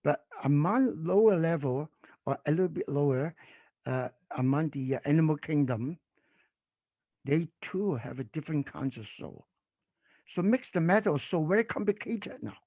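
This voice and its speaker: A man asking questions at a conference Q&A over a video call, speaking in a halting, deliberate way. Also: on the high side, lively intonation, mellow, no echo, muffled recording.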